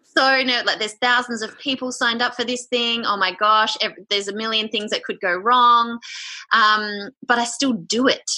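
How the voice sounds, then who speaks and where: A woman's voice: on the high side, fairly even intonation, moderate pace, sharp tone. A woman, a podcast guest talking frankly and with energy in a casual interview.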